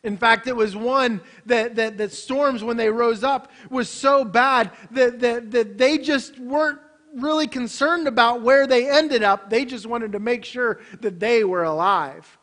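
Animated male preacher with a very high voice, shifting between loud emphasis and hushed delivery. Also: measured pace, hardly any pauses. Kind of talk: sermon.

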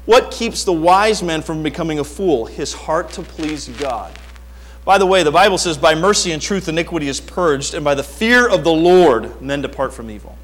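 A middle-aged preacher delivers a sermon in a fairly high voice. He tells stories with lively, sweeping energy, dropping to quiet asides and then climbing to loud, urgent peaks. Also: normal speed. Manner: animated storytelling, swings from quiet to near-shouting. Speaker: pastor.

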